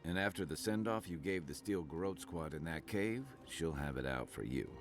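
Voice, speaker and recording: An actor playing a gruff, blunt male warrior companion in a video game, speaking in steady warnings. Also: extremely low pitch, moderate pace. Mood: grave warning. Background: game music.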